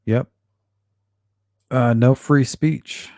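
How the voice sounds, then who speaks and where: A man's voice: mid-range voice, steady tone, extremely slow, warm tone, dry recording, clean studio sound. A man hosting a true-crime livestream, chatting casually and reading out viewer comments, blunt and often profane. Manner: blunt and profane, with frequent fillers.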